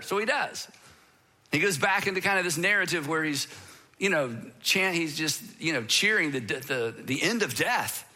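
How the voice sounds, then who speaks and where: A man preaching a sermon, animated, acting out the voices of his listeners and of the apostle as he retells the text. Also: sits high, normal speed. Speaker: pastor.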